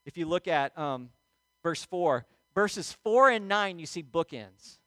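A middle-aged male pastor telling a personal story in a sermon, animated and acting out moments, often checking in with "okay?". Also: fairly high pitch, slow pace, no room sound. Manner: animated storyteller, acts out yelling, frequent "okay?" check-ins.

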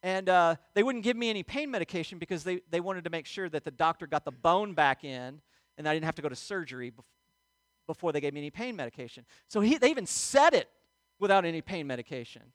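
A middle-aged male pastor telling a personal story in a sermon, animated and acting out moments, often checking in with "okay?". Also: on the high side, quick pace, no room sound. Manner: animated storyteller, acts out yelling, frequent "okay?" check-ins.

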